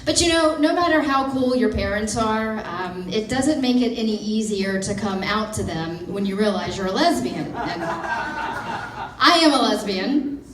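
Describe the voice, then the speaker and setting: A woman, telling an animated, self-mocking stand-up story. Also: medium pitch, a little slow, noisy background. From Mississippi, USA. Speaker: stand-up comedian. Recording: roomy, from far off.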